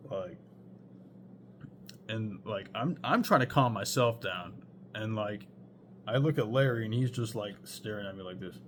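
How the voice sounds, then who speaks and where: A man's voice: lowish voice, measured pace, pauses often, a bit bright, a little hiss or hum. A young man telling a rambling storytime anecdote, full of fillers and swearing. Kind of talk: casual storytime monologue.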